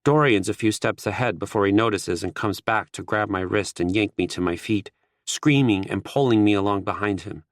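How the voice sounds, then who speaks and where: This male audiobook narrator reads a first-person text at normal speed, steady and wry, in a low-leaning voice. The recording is dry and close, with no room sound around it.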